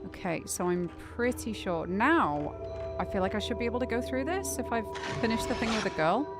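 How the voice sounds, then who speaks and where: A woman's voice: medium pitch, animated, fairly quick. A young woman from Northern England with a muted Northern accent, chatting casually while streaming a game, thinking aloud and laughing often. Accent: muted Northern English. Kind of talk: casual livestream gameplay chat. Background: game music.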